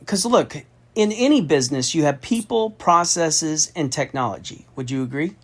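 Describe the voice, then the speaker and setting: A middle-aged man from Austin with a slightly high-pitched voice talks through a long personal story. He is candid and emphatic and swears often, speaking to someone on a phone call. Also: animated, moderate pace. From Austin, Texas. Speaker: federal contracting consultant.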